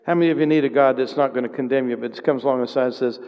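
A man's voice: medium pitch, fairly even intonation, very fast, lo-fi sound. A married man preaching a sermon to his congregation, conversational at times and building to passionate exhortation. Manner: impassioned, building to loud exhortation; conversational, with repeated calls to the congregation. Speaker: pastor. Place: church sanctuary. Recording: long hall reverb.

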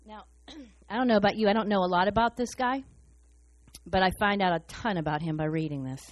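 A woman preaching a sermon in a fast, excited, humorous way. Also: medium pitch.

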